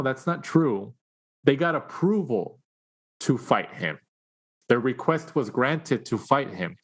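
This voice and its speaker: A man co-hosting a boxing podcast, chatting casually and acting out quotes in his stories. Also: medium pitch. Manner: chatty storyteller, acts out quotes, laughs often. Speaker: podcast co-host.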